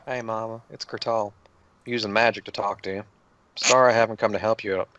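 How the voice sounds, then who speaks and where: Man playing a sorry young son reaching out to his mother. Earnest, low, muffled line. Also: steady tone, fairly quick, a bit bright, no room sound, natural voice. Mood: remorseful.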